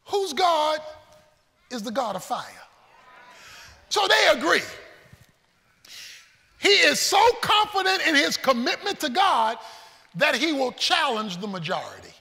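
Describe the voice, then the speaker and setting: A man preaching a sermon, storytelling with folksy humor and swinging between shouts and hushed asides. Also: very high-pitched, in a large hall. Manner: animated preaching, shouting and then dropping to a hush. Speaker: pastor.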